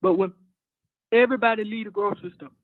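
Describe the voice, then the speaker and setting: A man's voice: sits high, steady tone, quick pace, dry recording. A man calling in to a talk show, earnest and repeating his points as he gets emotional. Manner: earnest, repetitive, getting emotional. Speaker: caller. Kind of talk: call-in commentary. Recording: dry phone line.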